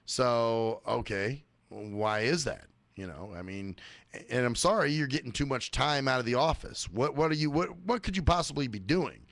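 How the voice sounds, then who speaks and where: A man's voice: mid-range voice, expressive, moderate pace, gravelly, fairly bright tone, dry recording. A man hosting a radio show, ranting in a profane, sarcastic monologue. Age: adult working age.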